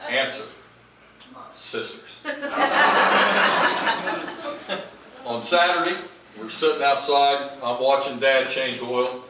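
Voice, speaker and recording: Speaking slowly with frequent pauses, a man with a slightly high, expressive, sharp-toned voice gives a comic eulogy full of family tales, imitating the people he describes. Laughter rises from the audience in the large memorial hall. The rough recording sounds very echoey and far from the mic.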